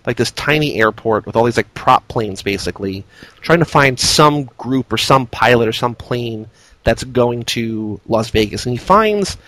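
A man co-hosting a casual movie podcast, retelling scenes with lively acted quotes. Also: medium pitch, normal speed, no echo, low-quality recording. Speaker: podcast co-host.

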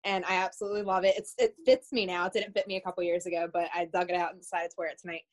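Podcast guest, woman, excited and gushing, casual delivery. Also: on the low side, racing. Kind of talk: casual chat.

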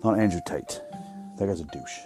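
Low-voiced man rambling casually. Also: normal speed, music in the background. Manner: meandering, swears, corrects himself mid-sentence. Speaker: podcast host; restaurant worker.

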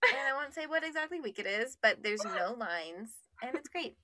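A woman co-hosting a podcast, enthusiastic and quick to agree and laugh. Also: a little high, very animated, pushed and bright, dry recording, studio quality. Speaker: podcast co-host. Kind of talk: casual chat.

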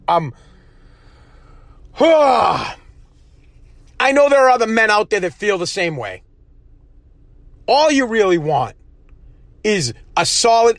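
A man hosting a solo podcast from his truck while driving, ranting in a profane, worked-up way and getting loudly passionate. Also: sits high. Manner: passionate, yells when fired up. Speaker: podcast host. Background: faint road and engine noise.

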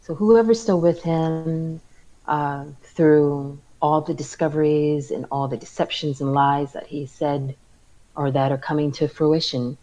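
Woman, talk show guest, deep voice, careful measured words, tactful. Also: fairly even intonation, dark tone, rough recording. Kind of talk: casual call-in chat.

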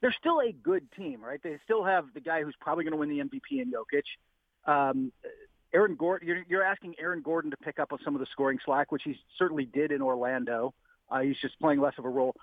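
A man calling in as a basketball writer, talking casually and rambling with quick asides and restarts. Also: on the high side, expressive, no echo. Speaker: basketball writer, radio guest. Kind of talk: casual sports talk on a phone line. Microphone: phone. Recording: tinny phone line.

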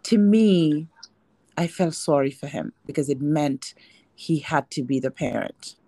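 A woman's voice: low voice, measured pace, dark tone, no room sound. A woman speaking candidly and reflectively as a guest in a casual panel discussion, often restarting her sentences. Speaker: guest, breast cancer survivor and advocate.

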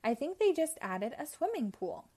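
A woman voicing an easygoing, puzzled male cartoon character in a storybook reading, high and mild. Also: sing-song, moderate pace, a little mellow.

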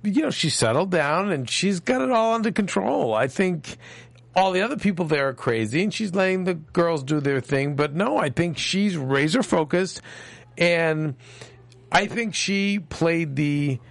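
A man's voice: a little high, animated, measured pace, vocal fry, dry recording. An older man co-hosting a casual show, easygoing and teasing, often jokingly yielding to his co-host. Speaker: podcast co-host. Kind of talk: casual chat.

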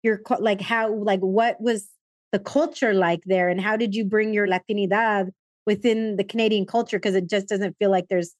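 A woman's voice: medium pitch, fairly even intonation, normal speed, no echo. A woman hosting a podcast, asking questions in a bubbly, curious way and laughing often. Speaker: podcast host. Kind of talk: casual interview chat.

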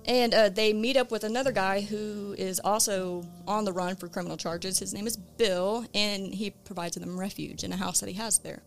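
Woman podcast host telling a case story, laid back, lots of ums, middle pitch. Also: moderate pace, few pauses. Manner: relaxed, conversational, with frequent "um" and "uh". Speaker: true crime podcast host.

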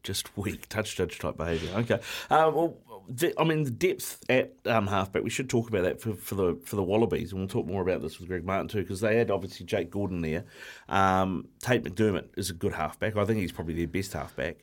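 A man hosting a casual rugby chat, asking quick, chatty questions. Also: low-pitched. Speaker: sports podcast host.

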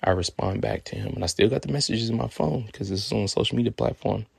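A man from California in his twenties, telling a personal story in a profane, animated way. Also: on the low side, fast talker, vocal fry, husky, dry recording, clean studio sound.

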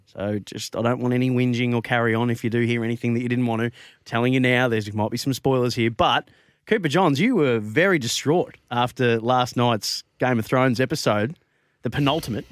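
Teasing sports radio host. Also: male voice, medium pitch, brisk, no room sound, studio quality. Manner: jokey, teasing, laughs often. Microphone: studio mic.

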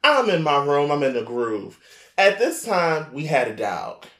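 A man co-hosting a podcast, telling a story in casual chat, animated and laughing, often jumping into high shrieking impressions. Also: a little slow, echoey room. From New York area. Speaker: podcast co-host.

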